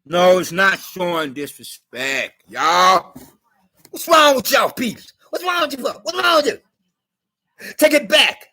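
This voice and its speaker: A man putting on a rambling, tearful, self-pitying young man in a satirical impression monologue on his vlog, stammering through repetitions and drawn-out pleading. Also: sits high, animated, sharp tone, full character voice. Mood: rambling indignant. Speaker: vlogger.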